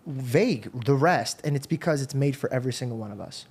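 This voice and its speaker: A man's voice: medium pitch, expressive, fairly quick, darkish tone, husky. A man hosting a podcast, telling his faith story in an earnest, rambling way. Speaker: podcast host. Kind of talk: casual faith conversation.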